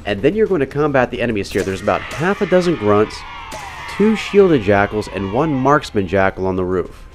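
A man's voice: on the low side, very animated, normal speed, over music. A man giving casual, step-by-step gameplay commentary as the voice-over for a game walkthrough. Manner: casual, instructive, talks the viewer through each step. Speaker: video game walkthrough narrator.

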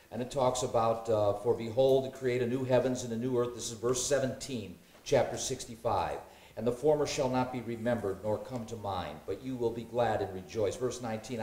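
A man's voice: medium pitch, warm tone. Guy at a bible study, reads verses then muses, lots of uhs, echoey room. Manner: reads scripture aloud, hesitant with fillers, jokes and laughs. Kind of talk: casual Bible study discussion.

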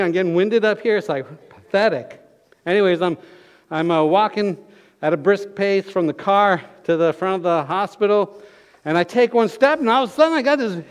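Pastor guy preaching, folksy and excitable, high voice, big reverb from the church hall. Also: smooth. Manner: folksy storytelling, gets loud and excited. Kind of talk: sermon. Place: church sanctuary.

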